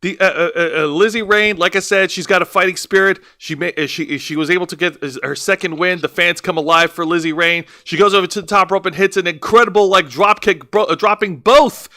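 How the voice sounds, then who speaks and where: A man co-hosting a casual wrestling review show, animated and swearing often, stumbling over names as he recaps a match. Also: high-pitched, fairly quick, few pauses. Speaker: podcast co-host reviewing wrestling. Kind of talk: casual profane review chat.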